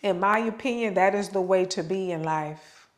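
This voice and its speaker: A woman's voice: mid-range voice, normal speed. A woman with children giving an unscripted motivational talk, speaking straight to the listener, repeating words for stress and drawing out her words. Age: adult with children. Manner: preachy, direct address to listener.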